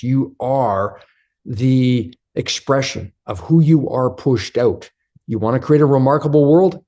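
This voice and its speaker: A man's voice: medium pitch, warm tone. A man hosting an unscripted motivational video, speaking earnestly and leading affirmations. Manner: earnest, preachy, repeats affirmations. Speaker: motivational host.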